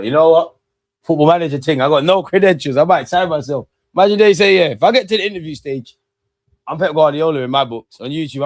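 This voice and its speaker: Slangy man in his thirties. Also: medium pitch. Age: 30s. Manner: rambling, slangy banter. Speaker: watch-along streamer. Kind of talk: casual live football watch-along commentary.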